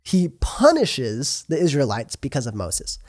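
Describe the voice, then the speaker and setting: A young man preaching a sermon in a lively, conversational way, asking his listeners questions. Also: mid-range voice, unhurried, dry recording, studio quality.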